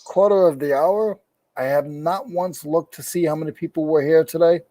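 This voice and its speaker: A man's voice: a little high, steady tone, moderate pace, warm tone. A man co-hosting a casual livestream, joking and teasing as he talks over a computer mic. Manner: joking, teasing, laughs often. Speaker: co-host of a reseller livestream. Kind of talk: casual livestream chat while working.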